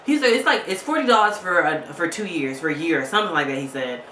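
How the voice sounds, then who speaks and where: A woman's voice: fairly low pitch, lively intonation, quick pace, bright, forceful tone, reverberant, slight background noise. A woman vlogger telling a story casually, angry and fed up, retelling a phone call with lots of quoted back-and-forth.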